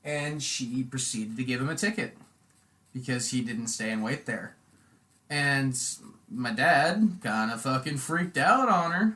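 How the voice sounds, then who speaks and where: Young male podcast host, bright tense tone, swearing storyteller, casual chat. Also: medium pitch, normal speed. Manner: profane, rambling storyteller who acts out quotes loudly.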